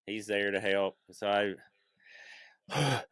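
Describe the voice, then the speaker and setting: The comedian guest's voice is fairly low and a bit bright, and he speaks extremely slowly, with no room sound. Casually recounting a funny story on a podcast, he swears and performs the voices of those he quotes.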